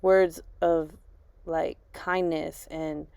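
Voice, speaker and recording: Grieving mom vlogger, low and gravelly, halting, full of restarts and fillers. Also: female voice, little pitch movement, a little mellow, no echo. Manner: halting, restarts and repeats herself, lots of fillers. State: grieving, subdued. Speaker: vlogger and mother. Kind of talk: casual personal vlog.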